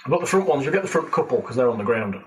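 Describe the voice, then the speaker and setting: A man's voice: medium pitch, expressive, rapid-fire, roomy sound, recorded from a distance, highs cut off, slight background noise. A man running a tabletop game as dungeon master, giving matter-of-fact rulings.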